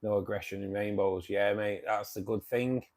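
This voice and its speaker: A man's voice: lowish voice, fairly even intonation, moderate pace, darkish tone. A man from the UK with a Manchester accent, hosting a casual livestream and chatting back to viewers' comments. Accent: Manchester English. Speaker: livestream host.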